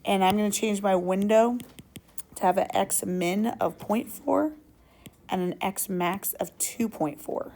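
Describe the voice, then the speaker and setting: A woman's voice: mid-range voice, unhurried, a little mellow. Upbeat woman teaching a class. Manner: upbeat and playful, asks the class questions. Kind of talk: classroom lesson.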